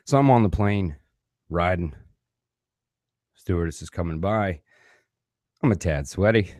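A man telling a personal story in a casual, animated way, swearing freely. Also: low-pitched, no room sound, clean studio sound.

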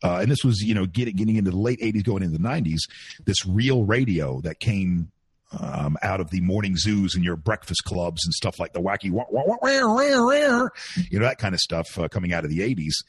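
A man who used to work in radio, talking in a casual podcast chat, telling animated stories and mimicking announcer voices. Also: low-pitched, quick pace, husky, no echo. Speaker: former radio host.

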